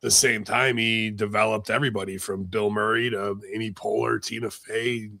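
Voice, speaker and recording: A man's voice: fairly low pitch, flat delivery, moderate pace, creaky, sharp tone, no echo. A man co-hosting a podcast, talking in blunt, profane, rambling casual commentary. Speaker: podcast co-host.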